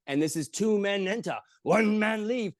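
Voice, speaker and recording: A man telling stories in casual chat, lively and profane, acting out the people he quotes. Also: high voice, normal speed, no echo. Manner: animated, swearing, acts out quotes in voices. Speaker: podcast guest. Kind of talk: casual storytelling.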